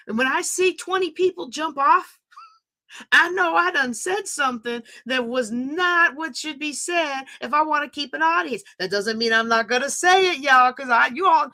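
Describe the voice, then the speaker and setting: Excitable woman on a live stream. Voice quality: voice goes high and screechy when excited. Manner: chatty, excitable, talks straight to viewers. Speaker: podcast host teaching a live class.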